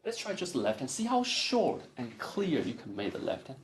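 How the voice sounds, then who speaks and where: A man's voice: on the high side, huge pitch swings, moderate pace, a little hiss or hum. A man giving a one-on-one piano lesson, coaching and singing phrases in syllables. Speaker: piano teacher.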